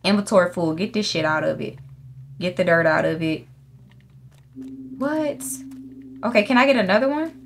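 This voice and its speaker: A woman's voice: on the low side, fast, creaky, a little hiss or hum. A woman hosting a gaming channel, giving casual let's-play commentary in a chatty, profane way and talking straight to her viewers. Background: faint game music.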